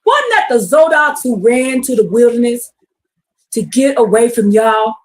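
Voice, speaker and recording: A woman teaching a streamed bible class, reading scripture and preaching it out in slang, building to shouts. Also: fairly high pitch, lively intonation, unhurried.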